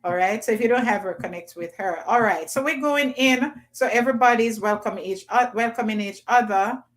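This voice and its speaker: A woman's voice: on the high side, brisk. Woman, livestream host, loose chatty delivery, reads chat aloud. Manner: chatty, reads comments aloud, playful patois bits. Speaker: livestream host reading viewer comments.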